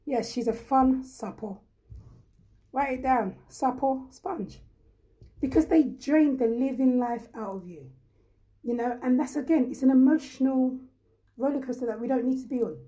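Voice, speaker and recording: A woman's voice: sits high, mellow, rough recording. A woman host from Ghana in casual live chat, blunt and emphatic, repeating her points and reading viewers' comments aloud.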